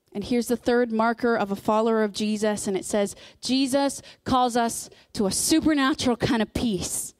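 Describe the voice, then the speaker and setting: A woman's voice: fairly high pitch, no room sound, studio quality. A woman in her thirties preaching a sermon in a conversational way, telling personal stories with lots of fillers.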